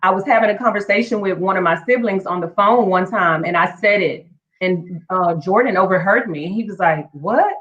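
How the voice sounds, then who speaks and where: A woman's voice: mid-range voice, brisk, a bit bright. A woman teacher, a guest, telling her story in a chatty, heartfelt way and calling the listener "girl" again and again. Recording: echoey room, dull lo-fi sound.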